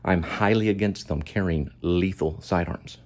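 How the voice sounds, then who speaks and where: The host of his own show reacts to a video in a deep, low voice at normal speed. His commentary is impassioned, emphatic and preachy, and he keeps returning to hammer home his main points.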